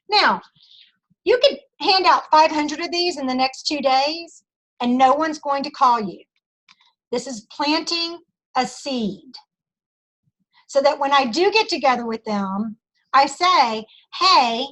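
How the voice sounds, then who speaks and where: A high-pitched middle-aged woman leads a sales training talk over a video call. She is chatty and emphatic, and she acts out customer conversations as she coaches. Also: a bit bright. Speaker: sales director training her team.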